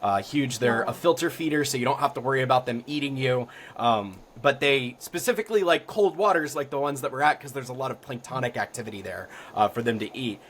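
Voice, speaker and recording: A man's voice: mid-range voice, brisk, hardly any pauses, slight background noise. Young adult man from Florida, a guest spinning casual, filler-heavy stories in an easy mid-range voice. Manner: rambling, full of ums and likes, livelier at the exciting parts. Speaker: podcast guest. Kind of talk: casual storytelling.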